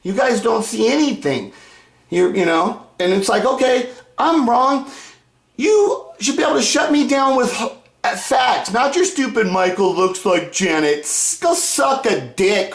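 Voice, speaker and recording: A man ranting angrily at his followers in a video, profane and combative, swinging between loud outbursts and low muttering. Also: vocal fry, reverberant. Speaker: YouTuber. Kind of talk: angry video rant to fans.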